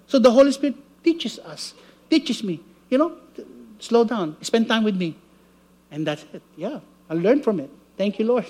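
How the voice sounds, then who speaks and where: Preacher, male, higher-pitched voice, lively sermon delivery that acts out the voices in his stories. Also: a little slow. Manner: animated storytelling, acting out voices.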